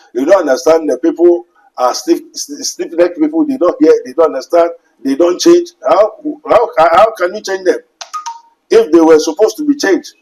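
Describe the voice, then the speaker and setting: Ghanaian male pastor, high voice, emphatic sermon delivery, rhetorical questions. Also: darkish tone, poor audio. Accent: Ghanaian English. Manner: emphatic preaching with scripture quotes and rhetorical questions.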